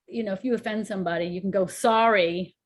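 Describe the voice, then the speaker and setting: A woman co-host in casual chat, animated and acting out examples in different tones. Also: mid-range voice, racing. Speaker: co-host, children's show songwriter.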